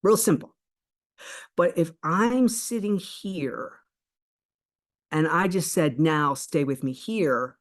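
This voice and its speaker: A woman coach giving a spiritual self-help talk, earnest and explanatory, often checking in with a quick "right?" and restarting phrases. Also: low-pitched.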